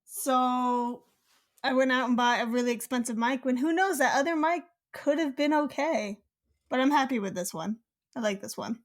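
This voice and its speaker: A woman's voice: high-pitched, normal speed. A woman co-hosting a casual podcast, giggly and laughing often. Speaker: podcast co-host.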